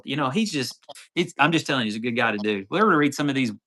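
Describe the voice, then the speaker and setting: A man's voice: medium pitch, lively intonation, rapid-fire, pushed and bright. A man, hosting a casual off-road livestream and telling a rambling story with lots of quoted dialogue. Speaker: off-road channel host.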